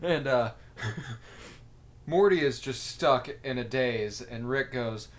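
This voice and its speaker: A man's voice: medium pitch, slow pace. A young man co-hosting a casual podcast chat, animatedly retelling cartoon scenes and laughing often. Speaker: podcast co-host.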